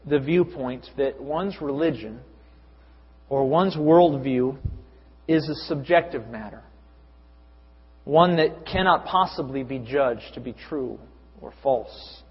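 A man's voice: mid-range voice, husky. A young adult man preaching a sermon to a church congregation, often building to emphatic repeated lists. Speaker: pastor. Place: church hall. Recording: echoey hall, dull lo-fi sound.

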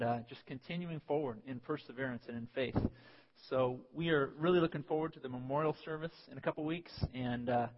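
A man pastor preaching a sermon, telling personal stories with animated voices and sudden yelps. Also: mid-range voice. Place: church sanctuary. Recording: dull sound with long church reverb.

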